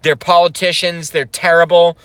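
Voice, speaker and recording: A man's voice: fairly high pitch, level tone, moderate pace, a bit bright, smooth, dry recording, natural voice. A man briefly mimicking a brash male presidential candidate, blunt and boastful.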